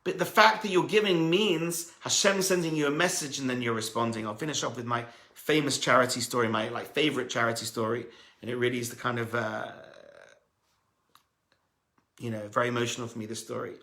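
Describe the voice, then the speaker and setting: A man, a rabbi, telling a story as a sermon, animated and acting out the voices of the people in it. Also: medium pitch, fairly quick, roomy sound.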